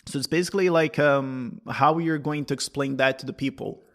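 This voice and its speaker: A man's voice: mid-range voice, steady tone, brisk, fairly bright tone. Brazilian man rambling in casual talk. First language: Portuguese. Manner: rambling, self-interrupting, restarts phrases, laughs often. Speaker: guest, libertarian commentator. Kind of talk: casual conversational interview.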